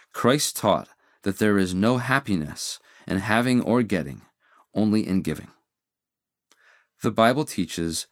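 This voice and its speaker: A very deep-voiced man gives an earnest inspirational sermon. He speaks in a measured, deliberate way and slows right down for scripture. The recording is close and dry. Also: no echo. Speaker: speaker giving a moral address.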